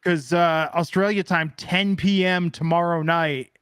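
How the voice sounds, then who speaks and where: A man's voice: a little high, fairly even intonation, unhurried, a bit bright, clean tone, no echo. A man co-hosting a podcast in casual banter, tossing in dry, playful asides. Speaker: podcast co-host.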